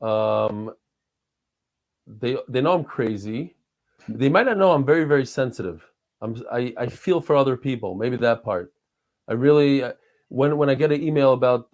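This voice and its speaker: A man in his forties talks in a steady mid-range voice. He rambles through his stories with earnest feeling and stumbles over his words to restart often. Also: medium pitch. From New York and Israel. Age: 40s. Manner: rambling, heartfelt storytelling with frequent restarts. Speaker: guest. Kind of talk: casual conversation.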